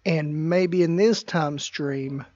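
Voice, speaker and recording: A man co-hosting a podcast in casual chat, talking haltingly with many fillers and restarts. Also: on the high side, darkish tone, no echo. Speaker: podcast co-host. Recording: dry, dull lo-fi sound.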